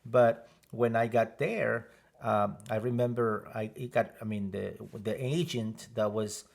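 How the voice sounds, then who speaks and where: A man from Mexico, co-hosting a casual faith podcast and talking haltingly with many restarts. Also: on the low side, steady tone, vocal fry, a little mellow. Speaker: podcast co-host, missionary.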